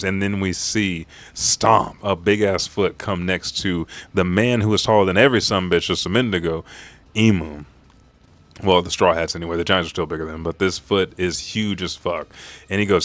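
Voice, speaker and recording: A man with a lowish voice reads a manga chapter aloud on a live stream. He talks in an excitable, profane way and slips into quick character voices as he goes. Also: no echo.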